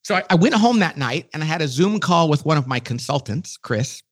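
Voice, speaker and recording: A middle-aged man as a podcast guest, telling a story with quick, enthusiastic energy. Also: on the high side, expressive. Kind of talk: casual conversation.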